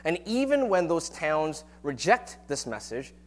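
A man preaching a sermon on a Bible passage in a relaxed, conversational teaching manner, with frequent rhetorical questions. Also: a little high, unhurried. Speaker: pastor.

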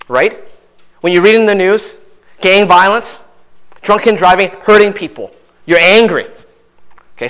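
A young adult man preaching a sermon in a conversational way, with many asides and tag questions, his voice rising and growing louder as he drives a point home. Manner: animated, rises in pitch and volume when stressing a point. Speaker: pastor.

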